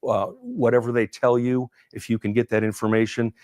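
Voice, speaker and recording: A man, a former police officer, telling a story in an interview, halting and full of fillers and restarts. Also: mid-range voice, little pitch movement, a little mellow, no echo, clean studio sound.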